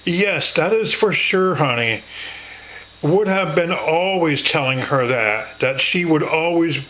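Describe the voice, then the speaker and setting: Man, very slow and deliberate, bright sharp tone, earnest. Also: on the high side, rough recording. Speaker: grieving father. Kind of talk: intimate spoken conversation.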